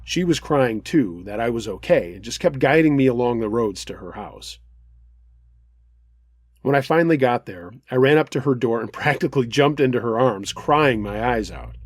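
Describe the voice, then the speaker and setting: Husky-voiced man telling a scary story. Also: mid-range voice, lively intonation, normal speed, no room sound. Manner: earnest, dramatic storytelling. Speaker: host reading a listener's story. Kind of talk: first-person scary story narration.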